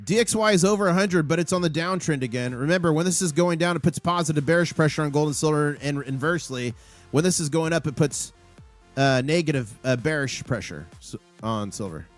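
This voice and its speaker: A man hosting a live stream with market commentary, excitable and rattling off prices and numbers. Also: a little high, fairly quick, soft background music. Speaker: livestream host.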